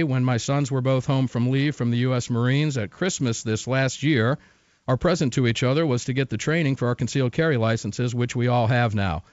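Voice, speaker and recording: A male radio talk show host with an emphatic, conversational delivery, repeating key phrases to drive them home. His voice sits at an ordinary middle pitch and sounds dry and close. The broadcast audio is dull and muffled. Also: no echo.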